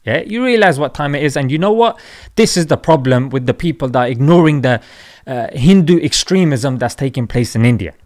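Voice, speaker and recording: A man's voice: mid-range voice, animated, a little fast, a little mellow. A young man hosting a satirical commentary vlog. He mocks and jokes, with emphatic asides. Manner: mocking, jokey, with emphatic asides. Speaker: channel host.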